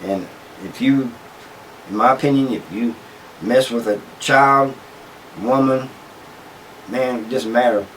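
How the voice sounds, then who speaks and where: A man's voice: mid-range voice, slow pace, long pauses, a bit bright, far from the mic, a little hiss or hum, rough recording. A man hosting his own channel, casually telling a story with many restarts and asides. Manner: rambling, with frequent restarts and "you know" asides. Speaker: channel host telling prison stories.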